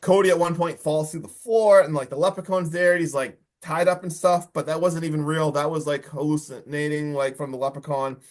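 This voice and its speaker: A man on a horror movie podcast who talks a little high and keeps the energy up. He retells scenes in a casual way, swearing and acting out what the characters say. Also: a little fast, hardly any pauses. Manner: excited, swearing, acts out lines from the film. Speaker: podcast host.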